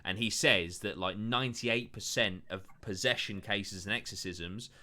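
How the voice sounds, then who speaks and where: A man's voice: fairly low pitch, normal speed, pushed and bright. A man hosting a podcast in casual, rambling chat, full of swearing and fillers. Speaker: podcast host.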